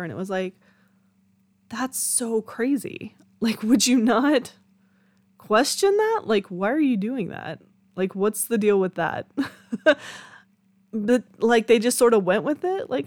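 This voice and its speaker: A woman's voice: on the high side, sing-song, takes it slowly, pauses often, darkish tone, no room sound. A young woman hosting her own podcast, chatting candidly with frequent laughs and casual swearing. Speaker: podcast host. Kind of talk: casual solo podcast chat.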